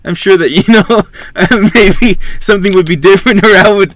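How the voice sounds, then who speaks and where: A man's voice: sits high, normal speed, fairly bright tone. A man hosting a podcast, talking casually into a podcast mic in a loose, rambling way full of fillers and swearing. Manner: rambling, filler-heavy and profane. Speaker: podcast host. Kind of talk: casual chat. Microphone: podcast microphone.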